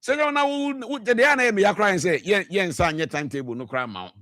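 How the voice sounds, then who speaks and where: A man's voice: high voice, animated, racing, a bit bright, dry recording, studio quality. A Ghanaian man with a Ghanaian accent arguing passionately on a radio talk show, mixing English with Twi and repeating himself as he presses his points. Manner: passionate, mixes English with Twi, frequent repetitions. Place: radio studio.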